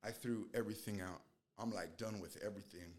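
Male guest, testimony, casual and earnest, rambling with fillers, voice sits a bit low. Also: a little fast, darkish tone. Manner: rambling, earnest, fills with "you know"; acts out quoted dialogue. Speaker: guest sharing a faith testimony.

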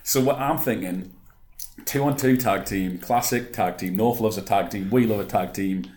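A man's voice: lowish voice, moderate pace, a little mellow, roomy sound. A man co-hosting a casual podcast chat, laid-back and sweary. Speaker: podcast co-host. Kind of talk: casual chat about wrestling.

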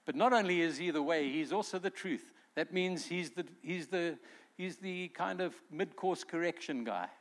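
Brief: male pastor, earnest preacher, voice sits a bit high. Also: normal speed, few pauses. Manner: earnest preaching with acted-out quotes. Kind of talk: sermon.

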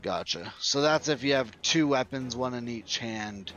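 A man's voice: medium pitch, lively intonation, unhurried, a bit bright. A man as game master, patiently explaining rules and narrating a tabletop game. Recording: dull lo-fi audio.

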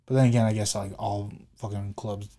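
A man's voice: fairly low pitch, flat delivery, a little fast, creaky, mellow. Laid-back young man swearing casually. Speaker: podcast host. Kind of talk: casual chat.

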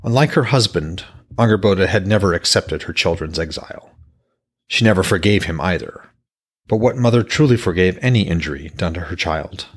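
A man reading his own fantasy novel aloud as podcast host, with steady storytelling. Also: low-pitched, a little fast, breathy edge.

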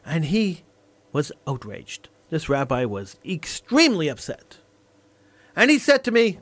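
Male radio talk host; fiery, repetitive monologue; high, very lively pitch. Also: unhurried, long pauses, no room sound. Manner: emphatic, repeats lines for effect.

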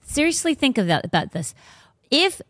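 A woman's voice: sits high, very animated, moderate pace, fairly bright tone, no room sound, clean studio sound. Blunt, emphatic woman podcast host. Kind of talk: casual faith talk.

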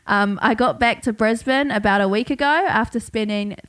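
A young woman with a New Zealand accent hosts her own podcast, telling a story in a chatty monologue full of laughter and plenty of swearing. Her voice is smooth, on the high side, at a moderate pace.

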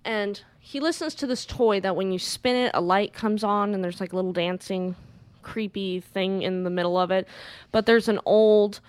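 A woman co-hosting a podcast, retelling a movie in lively casual chat and acting out the characters. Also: medium pitch, normal speed, smooth, no room sound. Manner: animated retelling, acts out characters, swears freely. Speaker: podcast co-host. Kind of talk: casual film recap.

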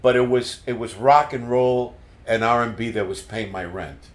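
An older man being interviewed as a musician, telling stories in an animated way and repeating words as he recalls them. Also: mid-range voice, moderate pace. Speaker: guest musician. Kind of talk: casual storytelling interview. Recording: roomy echo.

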